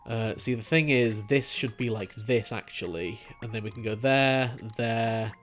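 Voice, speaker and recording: A man commentating a puzzle game, chatting, laughing often and thinking out loud as he plays. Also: medium pitch, measured pace, faint music behind. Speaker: gameplay commentator. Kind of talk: let's play commentary.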